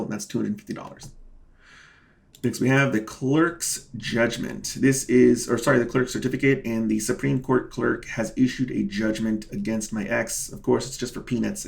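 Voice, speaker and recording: A man's voice: mid-range voice, vocal fry. A man hosting his own vlog, walking viewers through his court filings in a casual but indignant, emphatic way and calling them "guys". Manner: indignant, emphatic, repeats key words for stress; talks straight to viewers as "guys". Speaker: self-represented litigant and channel host.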